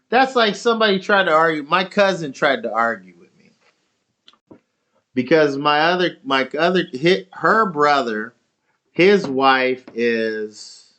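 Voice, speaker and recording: A man's voice: mid-range voice, pushed and bright, lo-fi sound. A man talking casually on a stream, rambling and swearing as he tells an argumentative story.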